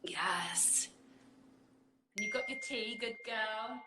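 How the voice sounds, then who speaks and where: A woman's voice: on the high side, takes it slowly, roomy sound, background noise. An English woman hosting a casual livestream chat, bubbly and giggly, peppering her talk with "like" and "literally". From England. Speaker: host.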